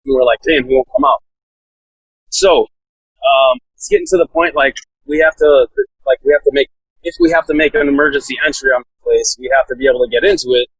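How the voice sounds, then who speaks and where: A man's voice: mid-range voice, fairly even intonation, fast, breathy edge, no echo, rough recording. A man telling a story in a casual, laid-back way, full of "like" fillers and laughing now and then. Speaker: podcast guest, SWAT officer.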